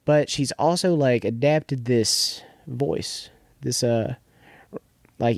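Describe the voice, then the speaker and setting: A man's voice: mid-range voice, slow pace, darkish tone, no echo, studio quality. A young man co-hosting a podcast, casually recapping a TV episode in a rambling way, restarting often and leaning on filler words. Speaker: podcast co-host.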